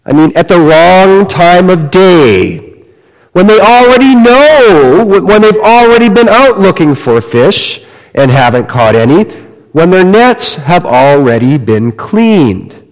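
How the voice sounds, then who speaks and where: A man preaching a sermon, retelling a story slowly and dramatically, dropping to a hush and rising again. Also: high voice, big pitch swings. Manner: slow, dramatic storytelling with wide swings in loudness. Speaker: pastor. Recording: long reverb of a large hall.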